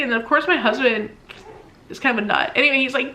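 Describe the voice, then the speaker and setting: Bright-voiced woman telling a story, laughing. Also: fairly high pitch, fast talker. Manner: chatty, laughs often, acts out her own past lines. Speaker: vlogger. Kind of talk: casual storytelling to camera.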